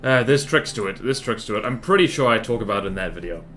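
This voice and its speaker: A man's voice: fairly low pitch, lively intonation, fast talker, fairly bright tone. A man streaming a game live, chatting casually and rambling with lots of fillers and self-deprecating asides. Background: faint music and keyboard typing.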